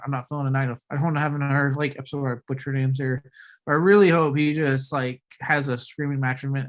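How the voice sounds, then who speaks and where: A man in casual podcast chat, rambling and swearing, breaking into loud acted-out bits. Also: on the high side. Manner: rambling, profane, acts out shouted bits.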